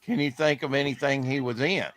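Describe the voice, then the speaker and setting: A man hosts a casual podcast about comic art, chatting in a rambling way. His voice is bright and forceful, and the sound is dry and close. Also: medium pitch, a little fast, dry recording. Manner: chatty, rambling, reads promos aloud. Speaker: podcast host.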